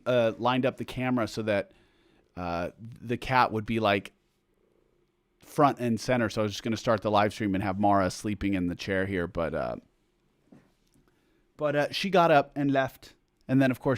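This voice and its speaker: A man's voice: on the low side, dry recording. Chatty man on a dry-sounding livestream. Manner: rambling, chatty, self-interrupting with fillers. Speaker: musician hosting a livestream for supporters. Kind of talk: casual livestream chat, reading viewer comments aloud. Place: home room indoors.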